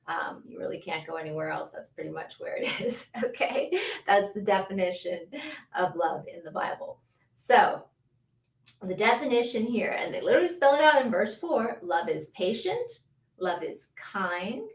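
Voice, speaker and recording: A woman's voice: mid-range voice, fairly bright tone, far from the mic. Chatty woman on a roomy livestream. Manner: chatty, laughs often, greets viewers by name. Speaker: livestream host. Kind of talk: casual livestream talk. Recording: roomy echo, a bit off-mic.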